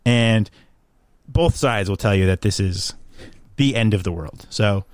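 A man's voice: on the low side, a little slow, no room sound, clean studio sound. A young man from the New York area, talking in a rambling, sarcastic way with lots of fillers in casual chat.

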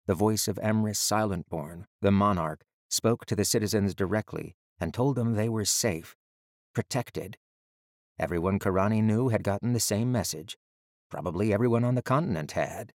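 A deep-voiced man narrates a fantasy audiobook, keeping his storytelling measured and even. The recording is dry and close, with no room sound.

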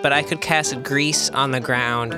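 A woman with a strikingly deep voice talks casually as a player at a tabletop game. She is chatty and a little hesitant, checking the rules before she acts. Clear music plays behind her. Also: fairly even intonation, a little slow.

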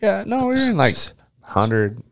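A man's voice: on the high side, wildly swooping pitch, measured pace, gravelly, noisy background. A young man telling a story in casual chat. He swears often, says "like" a lot and acts out his friends' lines. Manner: swears often, heavy use of "like".

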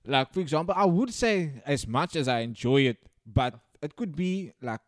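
A young man in casual podcast chat, profane and animated, breaking into sudden loud rants. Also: fairly high pitch, moderate pace, no room sound, studio quality. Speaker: podcast co-host.

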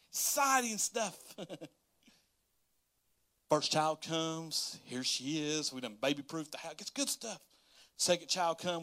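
Pastor in his thirties, bright and animated, chatty livestream sermon. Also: sits high. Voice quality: folksy, laughing, storytelling, animated.

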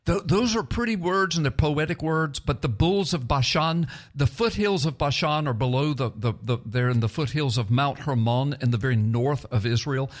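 A man, a pastor hosting a radio program, teaching scripture in an earnest, animated way with frequent restarts. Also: a little high, moderate pace, few pauses.

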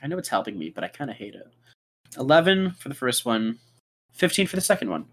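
A player in a casual tabletop game jokes and bargains with the table. The voice sits mid-range and moves around a lot in pitch. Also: quick pace. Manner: joking, lively.

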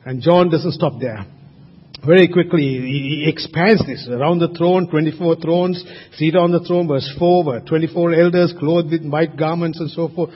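A man's voice: a little high, steady tone, normal speed. A man preaching a sermon at a church service, emphatic and asking his congregation rhetorical questions. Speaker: pastor. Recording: reverberant hall, muffled sound.

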